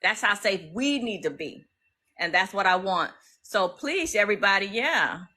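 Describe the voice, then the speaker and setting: A woman from the US East Coast, talking casually to viewers on a phone live stream in an emphatic, repetitive, excitable way. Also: mid-range voice, normal speed. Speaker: legal activist streaming live.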